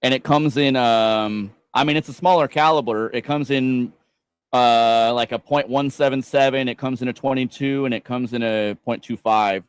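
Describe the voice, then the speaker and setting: A man's voice: mid-range voice, fairly even intonation, moderate pace, clean tone, no room sound. A man guesting on a podcast, explaining things enthusiastically and in detail, swearing casually. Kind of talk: casual chat on a live stream.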